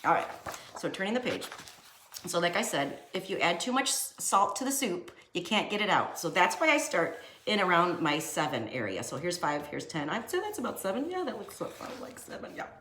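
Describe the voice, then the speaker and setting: A woman's voice: fairly low pitch, very animated, brisk, fairly bright tone, slight background noise. Chatty art teacher woman, echoey room. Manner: chatty, jokey, talks to herself while drawing. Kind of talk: casual drawing lesson.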